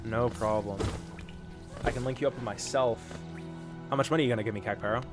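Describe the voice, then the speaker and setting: An American man plays a game live while ribbing his chat in a loose, joking way. He trails off into ums and restarts often. Soft music plays faintly behind his mid-pitched voice. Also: fairly even intonation, fast. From United States. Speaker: streamer.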